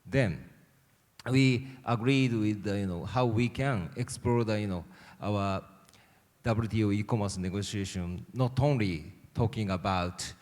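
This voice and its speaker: Low-voiced guy on a panel, lots of uhs and pauses, echoey hall. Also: darkish tone. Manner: hesitant, searching for words, many fillers. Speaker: panelist, government official. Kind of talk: answering a question on a panel. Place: conference hall. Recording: reverberant conference hall.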